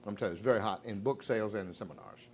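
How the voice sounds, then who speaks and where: Talking very fast in a fairly low voice, a middle-aged man from Virginia delivers a live sales pep talk packed with jokes and questions to the audience. He shifts dramatically between loud and hushed and draws call-and-response from the crowd.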